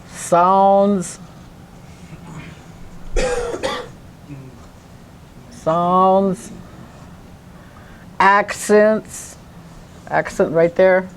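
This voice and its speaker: A woman language teacher giving a classroom lesson, speaking slowly and deliberately and repeating words syllable by syllable. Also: medium pitch, steady tone, slight background noise.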